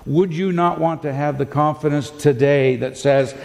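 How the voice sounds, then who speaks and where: A male pastor preaching a sermon in a deliberate, emphatic way, posing rhetorical questions to his congregation. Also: fairly high pitch, fairly even intonation, vocal fry, a little mellow, slight background noise. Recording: long hall reverb.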